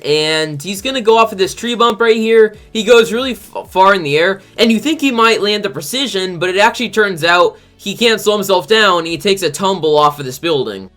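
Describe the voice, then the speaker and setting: A man's voice: high voice, normal speed, hardly any pauses, pushed and bright, soft background music. A man hosting a gaming channel, giving casual, rambling commentary on a countdown of game clips and leaning heavily on the word "like". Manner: rambling, heavy use of "like".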